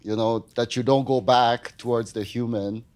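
A man taking part in a group workshop answers in short, calm phrases. His voice sits at an ordinary middle pitch, and he speaks evenly without pushing. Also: moderate pace. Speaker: participant.

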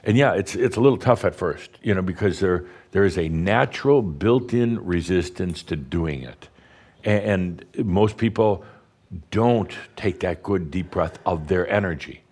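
A man, a spiritual teacher, guiding a group through deep breathing in a playful, teasing way with slow, emphatic phrasing. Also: lively intonation, a little mellow, breathy edge. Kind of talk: guided breathing talk to an audience.

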